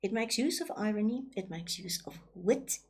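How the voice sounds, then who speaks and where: A woman's voice: medium pitch, lively intonation, moderate pace, slightly rough. A woman teacher with a South African English accent, explaining a lesson with many ums and repeated words, often asking rhetorical questions.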